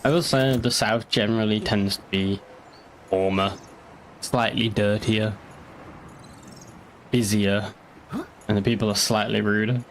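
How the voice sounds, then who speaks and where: A man's voice: lowish voice, steady tone, unhurried, pauses often, slight background noise. A young man with a northeast English accent chatting casually on a game stream, rambling, swearing and answering chat. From northeast England.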